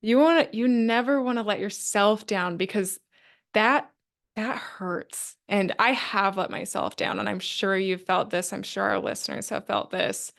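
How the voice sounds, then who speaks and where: Earnest woman podcast host, gravelly edge. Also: mid-range voice, unhurried, fairly bright tone. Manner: earnest, reflective, lots of fillers. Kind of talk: casual interview chat.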